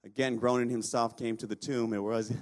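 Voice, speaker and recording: A pastor preaching a sermon, reading scripture aloud and urging the congregation to respond. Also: male voice, mid-range voice, steady tone, fairly quick.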